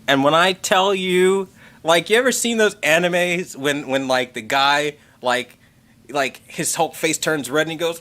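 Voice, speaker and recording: Excitable rambling man on a livestream. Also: on the high side, moderate pace. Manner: excitable and rambling, swears casually, lots of "like" and "man". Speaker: tech channel host reading member messages on a livestream. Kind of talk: casual livestream chat.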